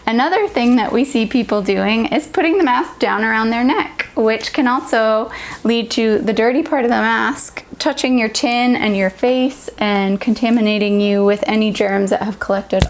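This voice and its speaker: A woman lactation consultant giving clear, step-by-step safety instructions in an instructional health video. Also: on the high side.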